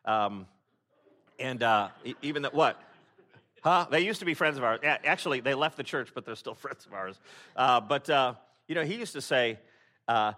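Speaking at normal speed with lively intonation, a pastor addresses his congregation in a bright, forceful, medium-pitched voice. He's wry and conversational, often interrupting himself to begin a sentence again.

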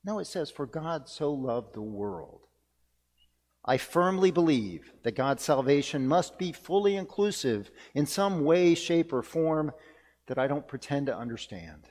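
This pastor's voice is a little high with a darkish tone, animated and moderately paced. His sermon is earnest and reflective, with key phrases repeated for emphasis, heard in a church hall with long reverb.

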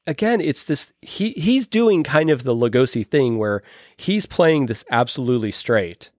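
Male podcaster, mid pitch, rambling and enthusiastic, dry close sound. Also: lively intonation, moderate pace, no echo. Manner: rambling, many restarts, enthusiastic. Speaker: podcast host or guest discussing films. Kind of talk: casual chat.

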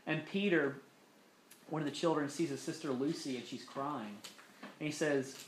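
A man preaching a sermon, earnest, with slow emphatic phrasing that drops softly into prayer. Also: fairly high pitch, slight background noise. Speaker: pastor. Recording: echoey room.

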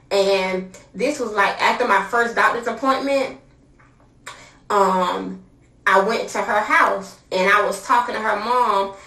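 A young woman recounts her own story in a chatty, candid way. She speaks at an unhurried pace, full of filler words, and sits some distance from the mic. The room around her is roomy and echoey. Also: medium pitch, bright, forceful tone. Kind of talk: casual personal storytelling.

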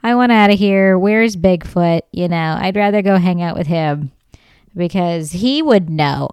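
Brief: woman comic host, smooth clear voice, close and dry mic, animated storytelling, swears freely. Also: lowish voice, unhurried, no echo. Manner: animated, swears freely, laughs often, acts out quoted lines. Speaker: podcast host. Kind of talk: comedic storytelling monologue.

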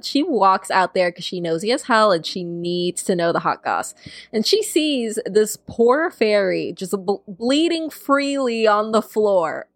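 A woman's voice: mid-range voice, lively intonation, moderate pace, no echo. A woman co-hosting a casual podcast, retelling scenes with laughter and silly quoted voices. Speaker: podcast co-host. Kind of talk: casual book-recap chat.

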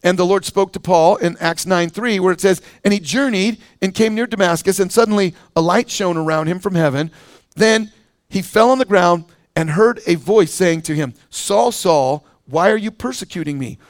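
High-voiced man preaching, dry sound. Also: moderate pace, no room sound. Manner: conversational preaching with fillers and restarts. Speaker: pastor. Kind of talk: sermon.

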